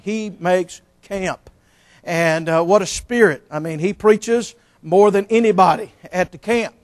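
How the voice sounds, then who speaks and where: A middle-aged man preaching a sermon as pastor, telling folksy jokes and stories. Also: high-pitched. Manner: folksy, joking, storytelling.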